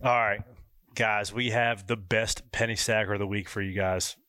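A man's voice: fairly low pitch, fairly even intonation, moderate pace, bright, forceful tone, no echo, studio quality. A man hosting a podcast in casual chat, joking and telling a story with frequent laughter. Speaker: podcast host.

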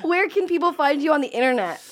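A woman's voice: high voice, sing-song. A woman co-hosting a casual comedy podcast, playful and giggly as she riffs. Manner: playful, giggly, quick to riff. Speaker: podcast co-host.

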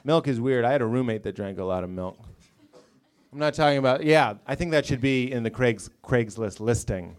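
A man performing a stand-up set at a comedy club, swinging between shouting and low mumbles, with the audience laughing. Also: expressive, a little fast. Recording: live crowd laughing.

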